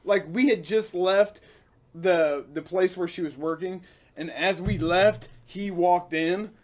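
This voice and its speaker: A man co-hosting a casual podcast, telling relaxed stories with casual swearing. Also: high voice, takes it slowly. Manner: easygoing storyteller, casual swearing. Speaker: podcast co-host. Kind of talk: casual drinking podcast chat.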